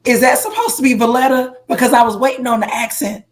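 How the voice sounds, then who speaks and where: Animated woman co-host, casual chat. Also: a little high, fast. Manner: animated storyteller, frequent fillers and restarts. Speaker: podcast co-host.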